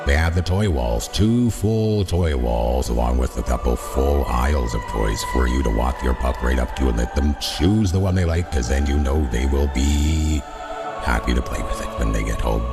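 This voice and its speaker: A man putting on the voice of a grand, calm, very deep male narrator for a sponsor ad read. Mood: solemn, warm. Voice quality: very deep and unhurried. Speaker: ad reader. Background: loud music bed.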